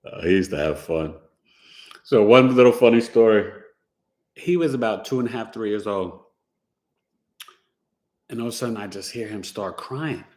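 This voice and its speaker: A man hosting a casual podcast, telling animated family anecdotes with laughs and sound effects. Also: lowish voice, normal speed, long pauses. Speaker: podcast host and astrologer. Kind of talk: casual storytelling chat.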